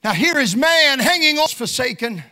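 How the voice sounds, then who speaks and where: A man's voice: extremely high pitch, expressive, normal speed, bright, forceful tone. A man preaching a sermon in a fervent, emphatic way.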